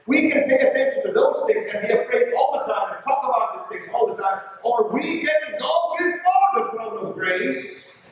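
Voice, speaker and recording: Emphatic preacher in an echoey church. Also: male voice, very high-pitched, lively intonation, normal speed, far from the mic, slight background noise. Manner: emphatic, repeats lines, checks in with the congregation. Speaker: bishop preaching a homily. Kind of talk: sermon.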